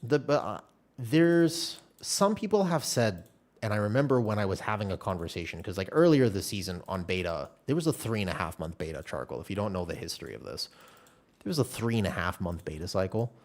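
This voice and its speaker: A man live streaming a game, telling a long story in a casual, animated way with many restarts. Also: fairly low pitch, a little fast. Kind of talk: casual chat while playing a game.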